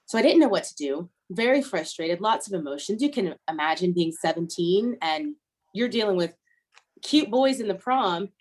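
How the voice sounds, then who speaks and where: Woman pilot guest, kinda low voice, earnest, repeats stuff to drive it home. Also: expressive, moderate pace. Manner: earnest, repeats key phrases for emphasis. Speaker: airline first officer, guest. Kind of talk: personal story in an interview.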